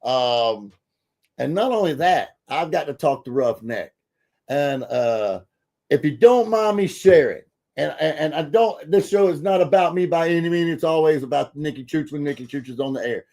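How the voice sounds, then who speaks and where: A man hosting a podcast in casual, folksy chat, full of fillers and bursts of excitement. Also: on the high side, normal speed. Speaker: podcast host.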